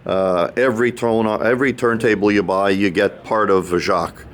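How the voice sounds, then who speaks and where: A man's voice: on the low side, steady tone, normal speed, crowd noise. Chatty man reporting from a trade show. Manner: rambling, lots of uh and restarts, chummy. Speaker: roving show reporter and interviewer. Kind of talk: casual on-the-floor interview chat. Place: audio trade show floor.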